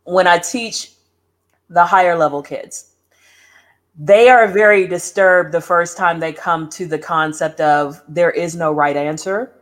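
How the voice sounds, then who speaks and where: A middle-aged woman, a high school English teacher, talking as a podcast guest in an earnest, measured way. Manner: earnest, measured, explains patiently. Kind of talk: casual chat.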